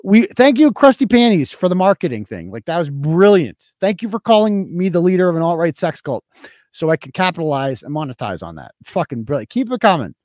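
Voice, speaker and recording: Profane ranting man, lively voice, dry sound. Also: a little high, brisk, no room sound. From Massachusetts. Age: 40s. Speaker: host. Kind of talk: casual livestream talk reading chat.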